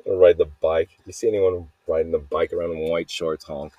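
A young man with a deep, low voice, slightly hoarse from yelling the night before. He rambles on his own in a restless, joking way, restarting his sentences often. The recording is close and dry. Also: level tone, fairly quick, no room sound. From Arizona. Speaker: podcast host. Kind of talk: rambling solo voice memo.

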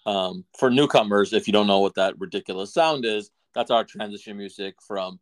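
A man's voice: on the low side, steady tone, fairly quick. A man hosting a podcast in casual chat, dry and wry, leaning on fillers as he introduces a segment. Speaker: podcast host.

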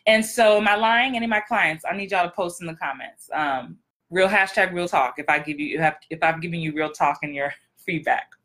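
A woman's voice: on the low side, brisk, fairly bright tone. A woman acting coach hosting a podcast, talking in a direct, blunt, emphatic way with repeated punchlines. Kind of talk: casual podcast monologue.

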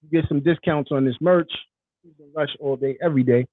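A man's voice: fairly high pitch, fairly quick, no echo. A man co-hosting a podcast in casual chat, hyping the show and pushing promos upbeat. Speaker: podcast co-host. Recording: tinny phone-like line.

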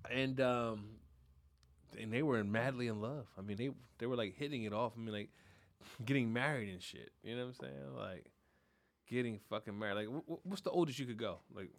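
A man co-hosting a podcast, telling stories in a loud, animated, profane way and laughing often. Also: medium pitch, fairly quick, creaky. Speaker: podcast co-host. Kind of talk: casual chat.

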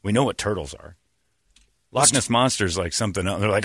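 A man hosting a casual comedy chat, sarcastic and animated, now and then slipping into put-on voices. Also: lowish voice, fairly quick, husky, no echo, clean studio sound.

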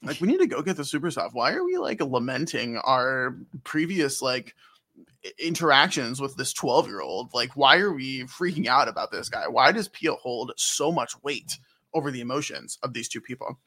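A man's voice: mid-range voice, sing-song, normal speed, sharp tone, exaggerated voice. A man doing a baffled young thief. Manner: baffled, questioning. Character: exasperated young male thief.

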